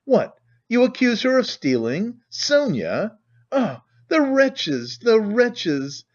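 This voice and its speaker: A man's voice: very animated, slow pace, heavily acted. A man reading an audiobook voices a hysterical, frantic widow who shrieks accusations. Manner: shrill, frenzied, accusing. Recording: dull lo-fi recording.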